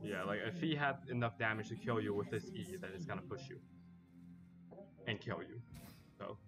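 Chatty gamer man, lowish voice. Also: normal speed, music in the background. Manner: chatty, laughs often, trails off quietly. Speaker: streamer playing a video game. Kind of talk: casual chat while gaming.

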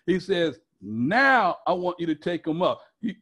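A man's voice: high-pitched, very animated, unhurried, fairly bright tone, slightly rough. A male pastor preaching a sermon, emphatic and repetitive, prompting the congregation with questions.

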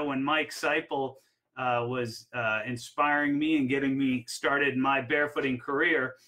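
A man coaching barefoot water skiing, telling personal stories in an energetic way with frequent fillers. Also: on the high side, low-quality recording. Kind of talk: instructional talk with personal stories.

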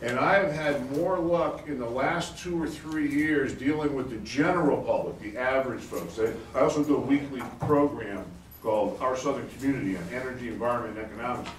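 Animated man giving a talk in a roomy hall. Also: mid-range voice, slight background noise. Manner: animated and excitable, laughing as he talks. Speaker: conference speaker, energy advocate. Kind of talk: live conference talk. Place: conference hall. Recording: roomy hall, distant mic, faint ambience.

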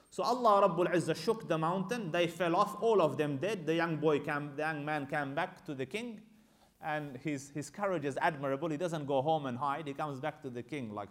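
A man's voice: fairly high pitch, moderate pace. Man telling sacred history conversationally. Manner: conversational storytelling that acts out dialogue. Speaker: Islamic teacher. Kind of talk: religious history lecture.

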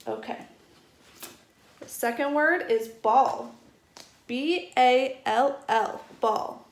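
A woman teaching a first grade vocabulary lesson at a distance, spelling each word out slowly and explaining it gently for young children. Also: sits high. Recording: echoey room.

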